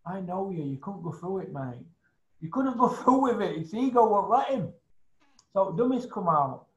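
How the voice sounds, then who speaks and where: A man's voice: high-pitched, sing-song, normal speed. A man ranting bluntly in casual chat, swearing freely and tagging his points with questions. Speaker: show regular. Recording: roomy, slightly dull sound.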